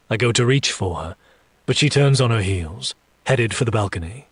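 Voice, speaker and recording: Man, story reader, husky, lowish voice, slow deliberate narration, dry close sound. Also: lively intonation, no echo. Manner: slow, deliberate, low reading with menacing asides. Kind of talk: first-person audiobook narration.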